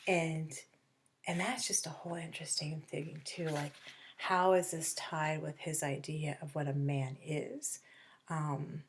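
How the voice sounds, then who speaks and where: A middle-aged woman teacher rambles casually through a book lesson for students she can't see in person. Her voice sits a little low. She stumbles, restarts and fills pauses as she thinks aloud. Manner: acts out characters' lines in quick bursts. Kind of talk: remote lesson talk on a novel.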